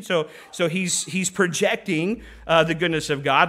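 Middle-aged guy giving a sermon, bright forceful voice, kinda conversational, lots of restarts. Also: fairly high pitch, unhurried, few pauses. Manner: conversational preaching with frequent restarts and scripture readings. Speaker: preacher.

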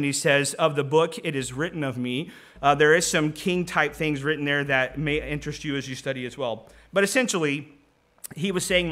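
A man's voice: fairly high pitch, sharp tone. A middle-aged man preaching a conversational sermon, reading scripture aloud and often restarting his sentences.

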